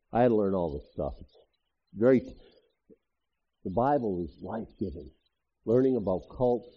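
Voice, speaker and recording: Lively, husky-voiced man preaching. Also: lowish voice. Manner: conversational, animated preaching with asides. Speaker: pastor. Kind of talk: sermon. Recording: dull lo-fi audio.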